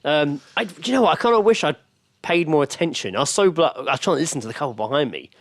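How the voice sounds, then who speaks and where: A man co-hosting a podcast, telling sweary, animated anecdotes in casual chat. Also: fairly high pitch, quick pace, no echo. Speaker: podcast co-host.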